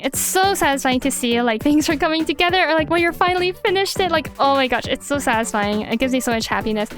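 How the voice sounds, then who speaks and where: High-voiced giggly woman rambling over music. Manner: rambling, giggly, self-correcting asides. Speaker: VTuber debuting her channel. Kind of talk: casual self-introduction to viewers. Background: soft background music.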